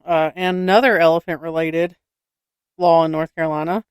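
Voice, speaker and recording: A woman with a low, fairly even voice co-hosts a casual podcast at a moderate pace, recorded in clean studio quality with no room sound. Giggling as she goes, she tells anecdotes and reads odd state laws aloud, calling her listeners "y'all."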